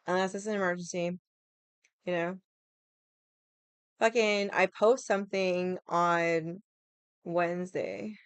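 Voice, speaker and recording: A woman's voice: lowish voice, steady tone, slow, pauses often, clean tone, dry recording. A young woman hosting a casual livestream, ranting in a sassy, profane, rambling way and greeting viewers. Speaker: livestream host.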